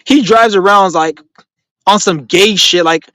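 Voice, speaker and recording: Man, live-stream host, casual chat, street slang, swearing, animated storyteller, fairly high pitch. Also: a little slow, no room sound, low-quality recording. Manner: rambling, profane street slang. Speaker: live stream host answering viewer questions.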